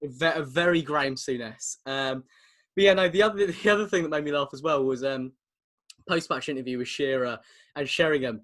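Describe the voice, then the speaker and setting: This young English-accented man, in his twenties, speaks fairly quickly in a bright, somewhat high voice. He's co-hosting a casual podcast over a video call, talkative and quick to laugh as he shares stories.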